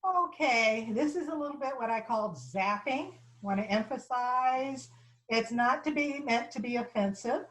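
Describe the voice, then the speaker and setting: Woman telling an animated personal story. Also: fairly high pitch, rough recording. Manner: animated, voices the people in her story; halting restarts and repeated phrases. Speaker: lecturer. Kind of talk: personal story told in a lecture.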